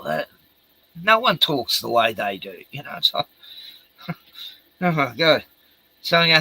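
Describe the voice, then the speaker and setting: A man's voice: medium pitch, very animated, takes it slowly, pauses often, sharp tone, slightly rough, dry recording, rough recording. An Australian man co-hosting a podcast, reacting to a news clip in a rambling, sweary way and laughing often. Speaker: podcast co-host. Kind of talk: casual commentary on a news clip.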